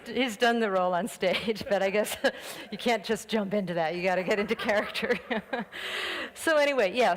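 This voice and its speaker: A woman minister delivers a relaxed, story-filled sermon, breaking into light laughter as she goes. Her mid-pitched voice carries through a church sanctuary with a long reverb tail. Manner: chatty, anecdotal, with frequent light laughter. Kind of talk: conversational sermon.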